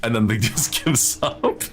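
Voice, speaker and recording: A man streaming a horror game, chatting casually in a rambling, jokey way and getting easily excited. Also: medium pitch, unhurried, over music. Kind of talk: casual gameplay commentary.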